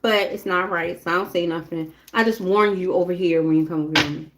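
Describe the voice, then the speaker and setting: A woman's voice: lowish voice, steady tone, a little fast, background noise. A woman giving a casual live tarot reading, talking bluntly and chattily straight to her viewers. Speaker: tarot reader.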